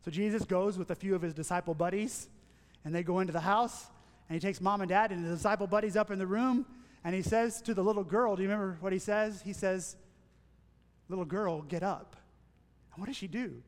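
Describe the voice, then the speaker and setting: A man preaching a sermon as pastor, earnest, building into emphatic lists and dropping to hushed asides. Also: high-pitched, fast. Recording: long church reverb.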